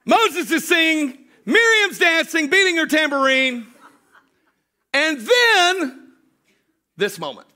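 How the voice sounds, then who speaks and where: A man preaching a sermon, animated, swinging from shouted storytelling to hushed joking asides with his congregation. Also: very high-pitched, takes it slowly, pauses often. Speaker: pastor.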